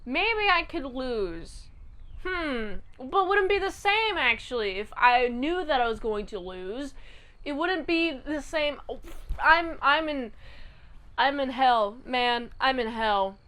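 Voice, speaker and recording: A brash male crook, greedy and easily bored, talks loud and excitable with a sarcastic streak, as a woman puts him on in a casual recap. The voice sits high. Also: slow pace, heavily acted. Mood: dismayed.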